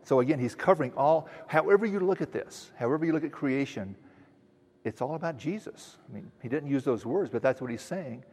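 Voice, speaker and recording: A man preaching an expository sermon, earnestly teaching and slowing down to stress quoted verses. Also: medium pitch, animated, a little mellow, husky, in a large hall. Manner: earnest teaching, with frequent restarts and slow emphatic quotes. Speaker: pastor.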